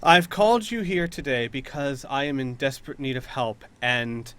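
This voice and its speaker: A man's voice: medium pitch, moderate pace, a bit bright, clean tone, natural voice. Tiny tearful fairy woman, voiced by the man, pleading and desperate.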